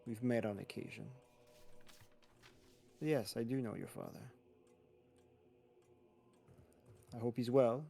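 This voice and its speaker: A man's voice: mid-range voice, normal speed, creaky, dark tone, faint music behind, close to an everyday voice. A man voicing a composed male burgomaster who calls himself the town's baron, speaking formally and courteously.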